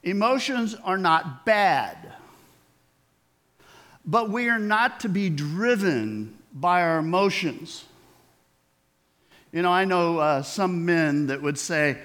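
A man's voice: fairly high pitch, expressive, slow, pauses often, a bit bright. A middle-aged man preaching a sermon in a conversational way, asking the congregation questions and acting out quoted voices. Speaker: pastor.

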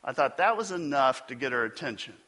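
A man's voice: mid-range voice, expressive, brisk, sharp tone. A man preaching a sermon, telling a funny personal story before building to emphatic preaching. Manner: storytelling with self-deprecating humor. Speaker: pastor.

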